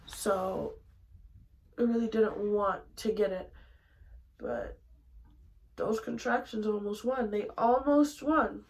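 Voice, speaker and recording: A young woman vlogger telling a personal story in casual chat, animated, dropping to hushed asides and then bursting out loud. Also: medium pitch, slow, long pauses, rough recording.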